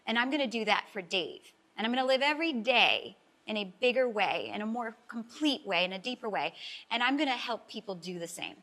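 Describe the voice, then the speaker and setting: A woman's voice: on the high side, lively intonation, fairly quick, a bit bright. A middle-aged woman, a life coach guest, telling an emotional personal story in a talk-show interview, earnest and heartfelt and close to tears at times.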